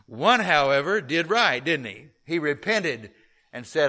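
A man's voice: mid-range voice, normal speed, sharp tone. A middle-aged male pastor preaching a sermon, earnestly reading and explaining scripture.

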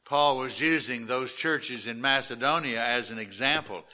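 A man preaching a sermon as pastor, reading scripture aloud and explaining it with slow, emphatic delivery. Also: mid-range voice, sharp tone.

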